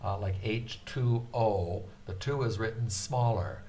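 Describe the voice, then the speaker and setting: An older man with a lowish, somewhat mellow voice teaches a beginner language lecture, with a little hiss or hum in the background. He speaks patiently, hesitating often and stretching out syllables with care.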